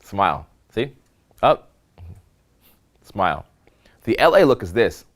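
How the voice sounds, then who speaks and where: A man coaching social skills at a live seminar, animated and demonstrative, often checking in with the room. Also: fairly low pitch, slow pace.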